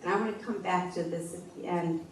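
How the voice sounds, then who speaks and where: A woman in her forties giving a personal testimony at a church meeting, speaking in a halting, heartfelt way with frequent restarts. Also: lowish voice, fairly even intonation. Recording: echoey room, voice from a distance.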